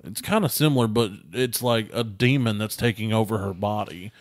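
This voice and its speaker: A man co-hosting a podcast, telling silly stories with a deadpan joking delivery. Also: lowish voice, normal speed, no room sound, clean studio sound. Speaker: podcast co-host. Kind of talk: casual podcast chat.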